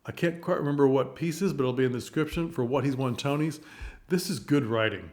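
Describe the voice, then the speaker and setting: A man in a relaxed, unscripted review, talking through his thoughts on a play as they come to him. His delivery wanders and circles back, with lively little asides, at an ordinary middle pitch for a man. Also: a little fast. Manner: rambling, thinks aloud, animated asides. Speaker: theater reviewer. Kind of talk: casual spoken review.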